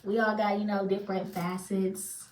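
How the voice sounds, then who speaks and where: A woman's voice: mid-range voice, level tone, normal speed, darkish tone, a little hiss or hum. Chatty woman in a roomy room. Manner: chatty, loose and self-deprecating, filler-heavy. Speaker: spiritual reader and channeler. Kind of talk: casual rambling monologue to viewers. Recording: roomy sound, far from the mic.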